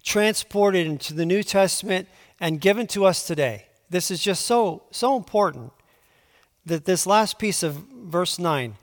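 High-voiced preacher in a reverberant hall. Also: male voice, lively intonation, measured pace. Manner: conversational Bible teaching, swings from quiet to emphatic. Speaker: pastor. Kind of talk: sermon.

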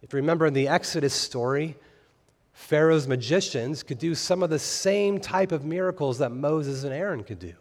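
A man's voice: a little high, big-room sound. A man preaching a sermon as pastor, earnest and building to emphatic peaks on key phrases. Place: church sanctuary.

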